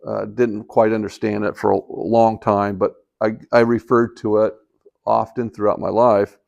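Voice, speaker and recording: Older man, gravelly, low voice, rambling casual storytelling, lots of fillers. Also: level tone, moderate pace, a little mellow, lo-fi sound. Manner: rambling, with many fillers and restarts. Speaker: vlogger telling life stories.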